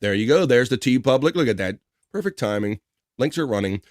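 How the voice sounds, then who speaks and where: A man's voice: medium pitch, lively intonation, a little fast, dry recording, clean studio sound. Chatty man hosting a livestream. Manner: upbeat, chatty, often laughing. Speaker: livestream host. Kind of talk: casual livestream chat reading viewer comments.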